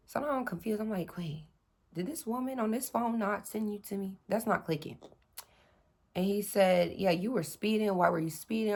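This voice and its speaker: A young woman in her twenties chats straight to her viewers, telling a story in a loose, animated storytime style. She keeps calling them y'all and slips into quick voices for the people in the tale. Her voice sits at an ordinary middle pitch for a woman. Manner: animated, addresses viewers as y'all, acts out dialogue. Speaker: storytime vlogger.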